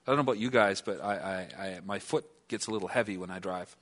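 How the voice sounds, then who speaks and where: A man preaching a sermon in an earnest tone, asking his listeners questions and at times dropping to a hushed, near-whispered delivery. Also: deep voice, fast talker. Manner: earnest, asks the listeners questions, then drops to a hush. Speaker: pastor.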